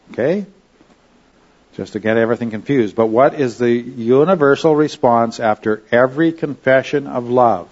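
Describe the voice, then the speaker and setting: A man's voice: mid-range voice, animated, measured pace, a little mellow, dull audio. A man teaching a Bible study lesson in a conversational way, often checking in with his listeners.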